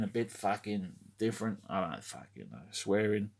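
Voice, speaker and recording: A middle-aged man with a fairly low voice talks loosely to his camera about his collection. He swears constantly, chuckles at his own jokes and loses his train of thought. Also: big pitch swings, moderate pace, gravelly, few pauses. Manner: swears a lot, chuckles, trails off mid-thought. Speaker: collectibles vlogger. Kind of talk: casual rambling chat to camera.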